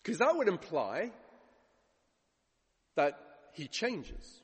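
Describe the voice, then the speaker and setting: High-voiced preacher in an echoing church. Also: male voice, huge pitch swings, very slow, breathy edge. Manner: dramatic retelling, acting out quoted voices. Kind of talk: sermon. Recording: long hall reverb.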